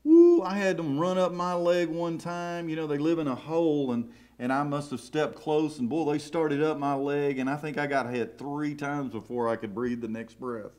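A man's voice: on the high side, normal speed, few pauses, a little mellow. A middle-aged man with a Southern US accent, preaching a sermon in a church sanctuary with emotional, emphatic swells. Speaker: pastor.

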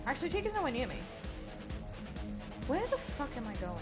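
High, lively woman streamer swearing. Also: a little fast, loud music behind the voice. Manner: excitable, swears a lot, talks to the chat. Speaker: gaming streamer. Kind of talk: let's-play commentary.

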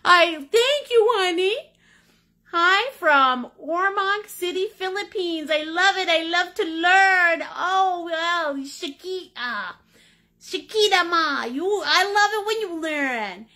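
A woman's voice: very high voice, lively intonation, slow pace, bright, forceful tone. A middle-aged woman teaching a live paint-along class, playful and chatty, with pet names and silly sound words. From Maine, United States. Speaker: painting instructor.

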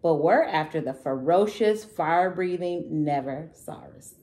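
A woman reading the part of a small, grumpy boy dinosaur who shouts huffily on a monster hunt. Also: sits low, a little slow. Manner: shouting, huffy.

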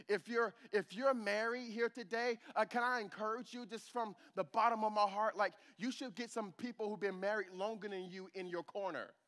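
Pastor, male, higher register, animated sermon delivery, works the congregation. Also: moderate pace, few pauses. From United States. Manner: animated preaching, calls to the congregation for amens. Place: church sanctuary.

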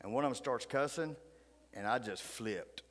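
A middle-aged man, a pastor telling folksy stories in a sermon, flaring loud, then dropping to hushed asides. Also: mid-range voice, normal speed. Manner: folksy, fiery, swings between loud outbursts and hushed asides. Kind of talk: animated storytelling sermon. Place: church sanctuary. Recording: church hall reverb.

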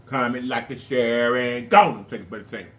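A man hosting an eating vlog, talking playfully to his viewers between bites. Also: mid-range voice. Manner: playful, addresses viewers as y'all, food-filled pauses. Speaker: mukbang vlogger. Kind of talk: casual chat while eating on camera.

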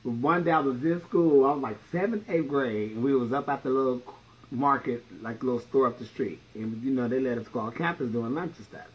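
A man's voice: medium pitch, brisk, breathy edge, low-quality recording. A man in drag livestreaming from home, telling stories with a blunt, profane, sassy manner. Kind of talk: casual livestream storytelling.

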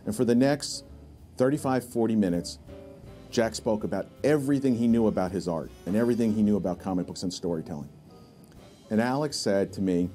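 A man with a lowish, mellow voice recounts memories of a friend at an easy, conversational pace. He restarts a few sentences as he goes. Soft music plays faintly underneath. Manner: anecdotal, halting restarts. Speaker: interviewee in documentary. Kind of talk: reflective storytelling.

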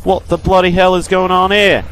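Dude doing a british bloke, mock angry, cussing, voice pushed way higher than his own. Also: little pitch movement, moderate pace, a bit bright, a little hiss or hum, rough recording. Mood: indignant. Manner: mock-indignant, cursing. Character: rude cursing British bloke.

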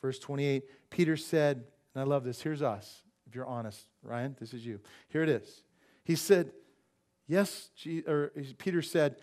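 A man's voice: fairly high pitch, a little slow, a little mellow. A man preaching a sermon as pastor, emphatic, asking the congregation questions and acting out the people in the Bible passage.

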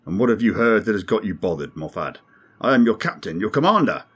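A man's voice: fairly low pitch, sing-song, fairly quick, a bit bright, slightly rough, heavily acted. A man voicing a brusque, commanding male alien starship captain who demands answers. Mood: impatient.

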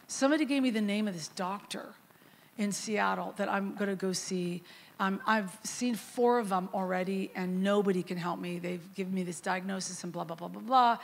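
With a medium pitch and a brisk pace, a middle-aged guest worship leader delivers a sermon. She tells a story in a lively, chatty manner and performs the quotes as she goes.

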